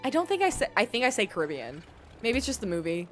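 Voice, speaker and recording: A woman's voice: a little high, big pitch swings, fast, soft background music. A young woman streaming a game, chatting casually with viewers, giggling and musing about how words are pronounced. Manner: bubbly, giggly, reads out chat and muses on word pronunciations. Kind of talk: casual livestream chat with viewers.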